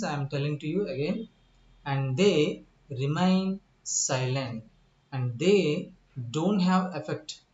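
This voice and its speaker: A man teaching English word stress in a recorded lecture, explaining slowly with many pauses, repeating himself, spelling out letters and asking the listener questions. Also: fairly high pitch, darkish tone. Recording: echoey room.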